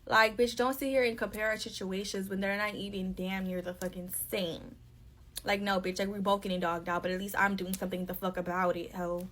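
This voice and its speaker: A woman's voice: medium pitch, little pitch movement, brisk, a bit bright. A young woman telling a casual storytime to a phone camera, blunt and profane with constant "like" fillers.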